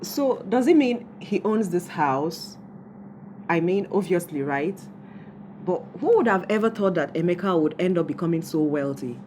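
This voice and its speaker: An actress playing a level-headed friend who teases and calms her, speaking with a Nigerian accent. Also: fairly low pitch, moderate pace, a little hiss or hum, lightly acted. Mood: teasing. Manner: teasing and calming. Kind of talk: film drama acting.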